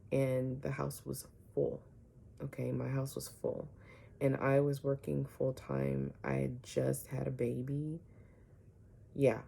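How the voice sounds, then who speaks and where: Low gravelly-voiced woman telling a story. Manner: animated, keeps asking "right?". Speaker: vlogger. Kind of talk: personal storytelling to camera.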